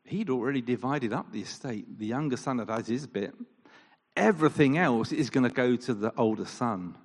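A man preaching a sermon in an animated style, firing off rhetorical questions and acting out quoted lines. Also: medium pitch, moderate pace. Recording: long reverb of a large hall.

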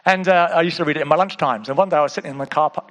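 A man preaching a sermon, casual and direct, dropping to hushed asides and rising to emphatic exclamations, often calling out to the congregation. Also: fairly high pitch, rapid-fire, in a large hall. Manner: conversational, with repeated calls to the audience.

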